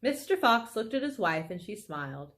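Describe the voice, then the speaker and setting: Woman storybook reader, relaxed and casual, animated melody across her lines. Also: mid-range voice, moderate pace. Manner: relaxed, casual and friendly sign-off. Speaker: children's book reader. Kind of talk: reading a children's book aloud.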